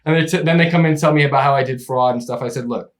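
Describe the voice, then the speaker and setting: A young man telling a long story in casual chat, animated and laughing, acting out the people in it. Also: mid-range voice, racing, very noisy. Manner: animated, acts out voices in his story, laughs often. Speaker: podcast guest telling a story.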